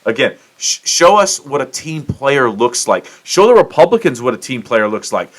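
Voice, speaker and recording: A man's voice: medium pitch, big pitch swings, normal speed, hardly any pauses. A middle-aged man from the United States hosting his own show, ranting in casual commentary with swearing and self-mocking outbursts. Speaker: podcast host.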